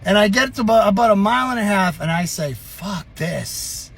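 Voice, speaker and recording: A middle-aged man tells a story from his past in a casual, unscripted vlog style, full of lively, profane energy and chuckles. His voice is a little high for a man, with a husky rasp, and he talks at a quick pace.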